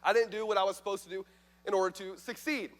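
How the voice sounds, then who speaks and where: A man's voice: high-pitched, fairly even intonation, fast, a bit bright. A young man, preaching a casual, joking youth sermon as youth pastor, full of likes and fillers. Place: church youth service. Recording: reverberant church hall.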